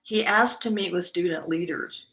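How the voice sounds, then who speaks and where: A middle-aged woman recounting a personal story as a podcast guest, speaking haltingly with many fillers and restarts. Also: on the low side, a bit bright.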